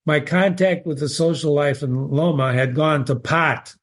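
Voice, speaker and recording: Animated man teaching a short story. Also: fairly high pitch, unhurried. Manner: animated, questioning, stops to quote the text and ask rhetorical questions. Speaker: literature teacher. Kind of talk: reading and analyzing a short story aloud.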